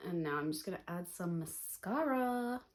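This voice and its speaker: A woman's voice: lowish voice, animated, moderate pace. Blunt, chatty woman beauty vlogger. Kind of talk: chatty get-ready-with-me makeup talk.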